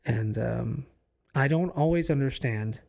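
Earnest, halting man co-hosting a podcast. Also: mid-range voice, gravelly, darkish tone. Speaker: podcast co-host. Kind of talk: casual faith podcast chat. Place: office used for recording podcasts.

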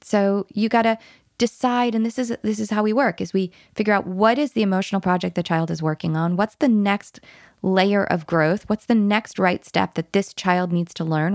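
A woman parenting coach who talks emphatically and dips into a hushed whisper when she models soothing words to a child. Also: mid-range voice, fairly even intonation, normal speed, no echo, studio quality.

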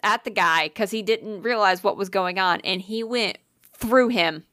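A woman's voice: medium pitch, unhurried, no room sound, clean studio sound. Chatty woman retelling a spooky episode. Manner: animated retelling, frequent swearing and fillers. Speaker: podcast co-host. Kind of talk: casual podcast chat, storytelling.

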